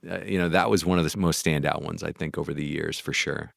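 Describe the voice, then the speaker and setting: A man from North Carolina, a voice actor, telling animated, rambling anecdotes in an interview, with a gritty chest voice. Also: very deep voice, fast, gravelly, no echo, studio quality. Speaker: guest voice actor. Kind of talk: casual interview storytelling.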